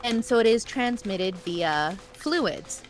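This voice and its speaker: A woman's voice: fairly high pitch, lively intonation, takes it slowly, soft background music. A woman who works the front desk at a vet clinic, telling a rambling casual story and raising her voice to quote people. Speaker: guest on stream; veterinary clinic receptionist.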